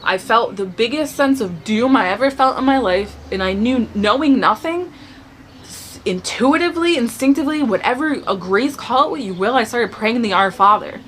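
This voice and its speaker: A woman sharing a personal faith testimony in casual storytelling, animated and acting out the dialogue as she tells it. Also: fairly high pitch, moderate pace, slight background noise. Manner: animated, acts out dialogue in the telling.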